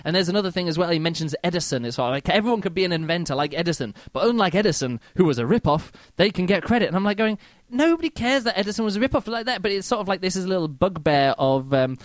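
Fast-talking exasperated man. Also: high-pitched, no room sound. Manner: exasperated, mocking, animated, reads quotes aloud. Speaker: podcast host reviewing a book. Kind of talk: casual spoken book review.

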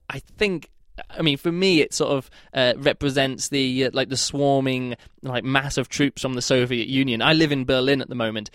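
A man talks through his thoughts on a book in an easygoing, meandering way. He hesitates often, restarts phrases and leans on filler words. His mid-pitched voice sounds dry and close, with no room echo. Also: a bit bright. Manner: rambling, hesitant, full of "like" and restarts. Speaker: book reviewer. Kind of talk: casual spoken book review.

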